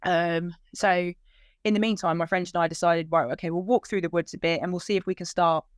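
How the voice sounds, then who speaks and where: A woman's voice: fairly low pitch, brisk, no echo, clean studio sound. A woman telling the emotional story of searching for her lost dog, acting out the dialogue as she goes. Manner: animated retelling with quoted dialogue, voice lifting when moved.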